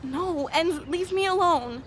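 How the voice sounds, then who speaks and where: A woman's voice: very high voice, slow pace, a bit bright, slight background noise, heavily acted. An actress playing an upset young woman student in a game. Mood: defensive.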